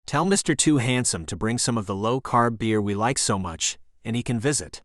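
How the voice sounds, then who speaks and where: A cheeky, bossy, flamboyant man, as a male narrator puts him on in a romance audiobook. The voice sits at a middle pitch, and the recording is dry and close. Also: animated, moderate pace, fairly bright tone, no room sound, lightly acted. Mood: sassy.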